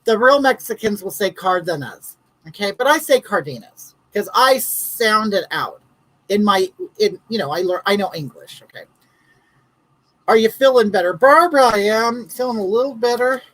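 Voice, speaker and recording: Campy husky woman live-streaming. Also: fairly high pitch, moderate pace, fairly bright tone, low-quality recording. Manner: campy, chatty, greets viewers by name. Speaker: comedic live-stream host.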